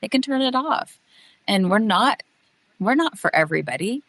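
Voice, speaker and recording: A woman's voice: medium pitch, sing-song, moderate pace, fairly bright tone, dry recording. A woman co-hosting a podcast, talking in an earnest, encouraging way. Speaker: podcast co-host. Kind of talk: casual podcast conversation.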